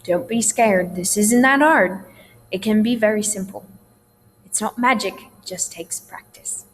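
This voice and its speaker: A woman's voice: mid-range voice, unhurried. A woman theatre teacher giving a recorded dialect lesson, explaining sounds in a patient, reassuring way. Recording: long hall reverb, faint hum.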